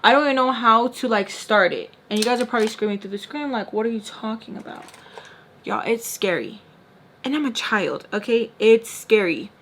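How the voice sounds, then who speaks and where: Woman vlogger, animated casual storyteller, swears freely. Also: a little high, a little fast, slight background noise.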